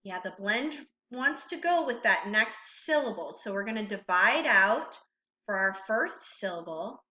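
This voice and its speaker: A woman's voice: medium pitch, lively intonation, a little slow, bright, forceful tone. A woman teaching a recorded phonics lesson, patiently asking questions and praising the learner. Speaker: reading teacher. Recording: roomy, slightly dull recording.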